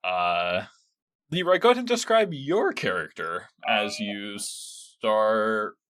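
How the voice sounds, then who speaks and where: A man running a tabletop game, narrating loosely with plenty of fillers. His voice is bright and swings lively in pitch. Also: slow pace. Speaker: game master.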